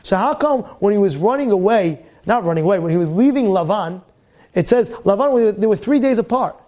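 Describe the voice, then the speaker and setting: A man giving a weekly Torah talk as a rabbi, animated, firing rhetorical questions and repeating his phrases. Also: high-pitched, fairly quick.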